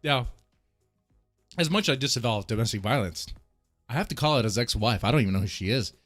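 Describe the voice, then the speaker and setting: A man's voice: medium pitch, animated, fast, a bit bright, dry recording, studio quality, soft background music. A man hosting a casual live stream, ranting bluntly and laughing often as he comments. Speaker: streamer host.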